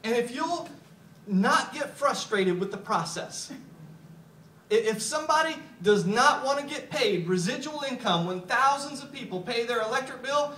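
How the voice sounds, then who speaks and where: Middle-aged man, motivational storyteller, high bright voice, echoey room, mic at a distance. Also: lively intonation, normal speed, slight background noise. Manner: repeats words when starting sentences, chuckles often. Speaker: speaker at a business opportunity meeting.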